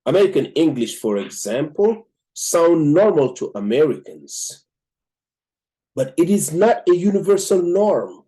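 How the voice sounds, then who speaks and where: A man from Africa with an African accent hosts a show, reviewing a book and reading it aloud in a measured way with frequent "um" pauses. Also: on the high side, very animated, warm tone. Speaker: host and book reader.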